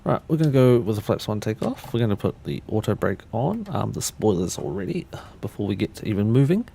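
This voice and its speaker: A man with a fairly low voice, casually narrating a flight simulator session on a livestream. He talks himself through each switch and check while answering viewers in a loose, rambling way, restarting his sentences often. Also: very animated, fairly quick, gravelly, dark tone, slightly rough.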